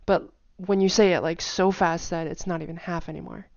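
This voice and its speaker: A woman's voice: fairly low pitch, steady tone, brisk, hardly any pauses, darkish tone, no echo. A woman giving a casual spoken lesson, chatty with many fillers, repeating example phrases over and over. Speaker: language teacher. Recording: dull, dry home recording.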